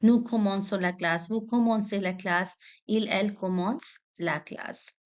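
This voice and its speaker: A woman's voice: medium pitch, unhurried. A woman, a French teacher explaining a textbook lesson step by step, reading French phrases and then translating them. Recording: dull lo-fi sound.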